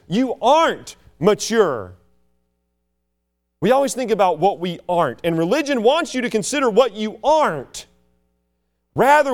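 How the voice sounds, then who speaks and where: A man preaching a sermon with passion, swinging between loud declarations and hushed asides. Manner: mocks proud churchgoers in a sneering low voice.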